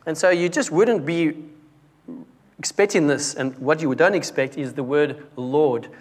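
His voice is fairly high with a breathy edge, and he speaks without hurry. The young adult delivers a conversational sermon, with restarts and frequent dramatic drops in volume for emphasis.

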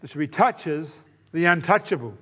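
Man, pastor, sermon, emphatic, repeats key phrases, somewhat high pitch. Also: expressive, moderate pace, pushed and bright, breathy edge.

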